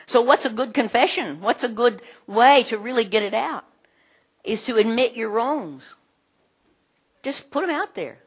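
A middle-aged woman teaching a group in a conversational way, animated, with many fillers. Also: on the high side, measured pace, husky. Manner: animated, acts out quoted voices, frequent fillers.

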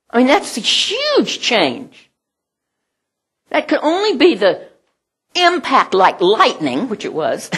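A woman's voice: fairly low pitch, slightly rough. A woman preaching a sermon in an earnest way, often dropping almost to a whisper and laughing now and then.

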